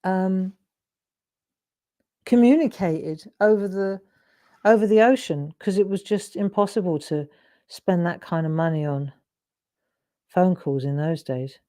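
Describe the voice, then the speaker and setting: Mellow and lowish, the voice belongs to a middle-aged woman who takes her time and pauses frequently. She hosts a live drawing demo, chatting casually and rambling, cutting herself off mid-thought.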